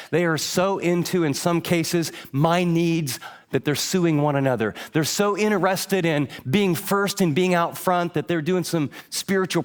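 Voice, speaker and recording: A middle-aged man preaching a sermon, emphatic and teaching from notes. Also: a little high. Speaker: pastor.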